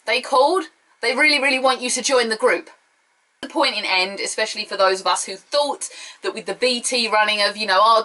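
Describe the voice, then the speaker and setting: Bright chatty woman. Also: a little high, poor audio. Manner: chatty, opinionated, excitable. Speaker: wrestling review vlogger. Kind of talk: casual solo review.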